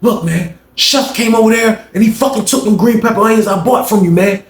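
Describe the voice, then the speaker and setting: A man's voice: high voice, fairly quick, reverberant, pitched above the performer's own voice, natural voice. A man voicing an angry young man who curses and accuses a neighbor of stealing his vegetables. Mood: complaining. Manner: shouting, cursing, accusing.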